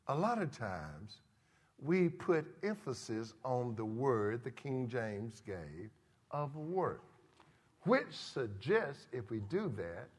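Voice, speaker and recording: Male preacher, soaring pitch swings, drawn-out pacing, sermon in a reverberant hall. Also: breathy edge. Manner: emphatic, swings from shouts to quiet asides.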